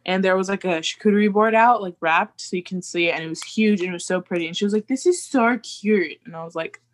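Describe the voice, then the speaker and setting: A woman's voice: lowish voice, steady tone, fast talker. A young woman co-hosting a casual chat with friends, telling stories in a chatty way and saying "like" a lot. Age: young adult. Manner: chatty storyteller, heavy "like". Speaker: podcast co-host.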